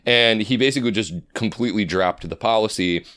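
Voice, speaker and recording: A man's voice: lowish voice, fairly quick, fairly bright tone, no echo. A man from Iowa co-hosting a podcast, chatting casually about politics, joking and laughing often. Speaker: podcast host.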